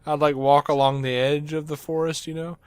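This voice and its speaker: A man's voice: a little high, little pitch movement, fairly quick, smooth, dry recording. A man hosting a podcast, telling rambling stories in casual chat and laughing often. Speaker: podcast host.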